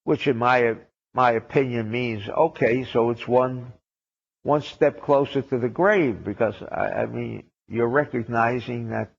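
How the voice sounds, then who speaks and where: A man's voice: medium pitch, moderate pace, gravelly. A man giving a sermon as a rabbi, wry and sarcastic, asking rhetorical questions. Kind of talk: sermon on the weekly Torah portion. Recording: dull lo-fi old recording.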